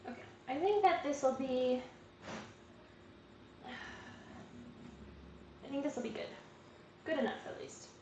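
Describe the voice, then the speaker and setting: A woman's voice: high-pitched, slow, pauses often, dark tone. A young woman hosting a live cooking demonstration, chatting and joking to herself as she works in a kitchen. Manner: chatty, jokey, talks to herself while cooking. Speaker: cooking show host. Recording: echoey kitchen with background noise.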